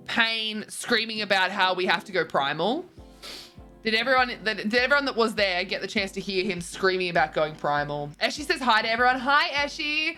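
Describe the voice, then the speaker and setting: A woman's voice: mid-range voice, bright, forceful tone. A bubbly woman in her twenties chatting casually with viewers on a stream, laughing often. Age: 20s. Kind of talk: casual chat reading viewer messages. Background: faint music.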